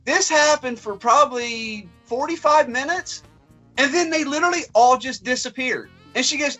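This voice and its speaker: A young man tells a rambling story on a casual podcast, acting out the people in it. His voice sits high and bright. Faint music plays underneath. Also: moderate pace. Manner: animated, acts out voices in his stories. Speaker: podcast co-host.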